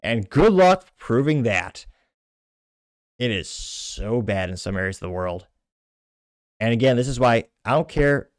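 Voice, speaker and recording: A man's voice: mid-range voice, lively intonation, a little slow, long pauses, no room sound, studio quality. A man from Texas hosting a political commentary show, delivering blunt, indignant rants with heavy emphasis.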